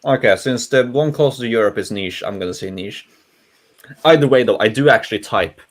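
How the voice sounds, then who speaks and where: Young man, Norwegian accent, non-native English, casual panel talk, lively and self-interrupting. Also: mid-range voice, fast. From Norway. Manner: rambling, animated, many restarts.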